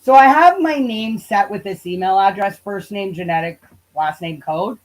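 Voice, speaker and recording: A woman's voice: mid-range voice, normal speed, poor audio. A woman livestreaming on her channel, ranting in a casual, profane and heated way and now and then drifting away from the mic. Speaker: YouTube livestreamer.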